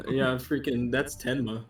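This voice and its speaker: A man's voice: medium pitch, fairly even intonation, slow. Guy joking around on a game stream, kinda far from the mic, faint game music going. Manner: teasing, joking. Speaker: co-player. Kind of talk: casual chat while playing a game.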